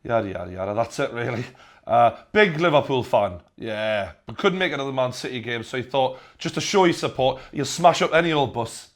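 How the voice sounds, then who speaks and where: A young man with a Geordie accent, hosting a comedic news rant with sarcastic, deadpan repeated punchlines. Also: mid-range voice, a little fast. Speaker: host.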